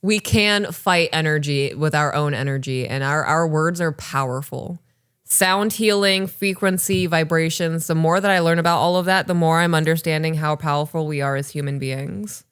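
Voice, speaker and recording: A woman in her thirties co-hosting a podcast, reading listener stories and chatting casually, animated and swearing freely. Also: low-pitched, moderate pace, clean tone. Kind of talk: casual chat and story reading.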